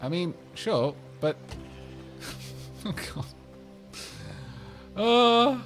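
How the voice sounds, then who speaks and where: A man streaming gameplay live, chatting excitably, reacting to the game and coaxing animals along. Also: sits high, drawn-out words, long pauses, soft background music.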